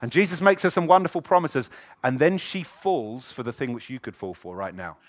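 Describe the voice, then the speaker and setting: A middle-aged man preaching a lively sermon in a church, often acting out the voices of the people he quotes. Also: mid-range voice, brisk, no room sound. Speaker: pastor.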